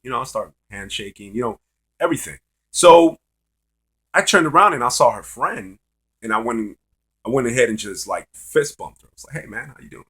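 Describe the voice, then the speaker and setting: A man's voice: medium pitch, expressive, normal speed, a bit bright, husky. A man vlogging dating advice as a loose, profane, rambling story told in casual talk.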